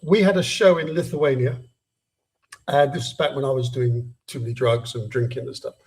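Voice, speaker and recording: A man's voice: mid-range voice, normal speed, a little mellow, rough recording. A man, a pop band member being interviewed, telling stories wryly with some laughter. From England. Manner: wry, laughing storyteller. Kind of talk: casual interview chat.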